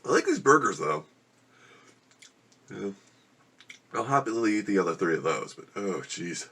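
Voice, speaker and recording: A man with a somewhat low voice talks casually to the camera from his room at home. He groans and complains as he struggles through a very spicy meal. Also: sing-song, moderate pace, a bit bright, slightly rough. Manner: groaning and complaining while eating spicy food. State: suffering from spicy food. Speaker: vlogger. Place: home room with a gecko habitat.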